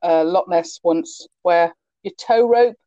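A woman host with a low, mellow voice asks calm, leading questions. The recording is dull and lo-fi, with a dry sound. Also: slow pace, no echo. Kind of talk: interview questions.

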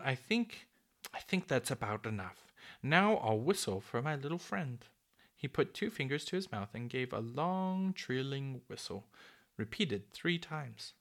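A man narrating a children's storybook aloud in an expressive, varied storytelling manner. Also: medium pitch.

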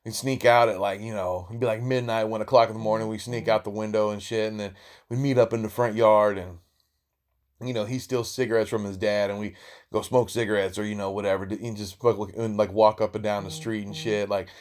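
A man's voice: on the low side, steady tone, a little fast, darkish tone. Podcast host, man, swears constantly, rambles through stories in slang and restarts. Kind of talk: casual storytelling monologue.

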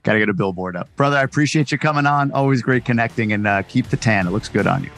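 A man's voice: mid-range voice, fast talker, fairly bright tone. Upbeat man podcast host, music behind. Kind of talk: casual podcast hosting.

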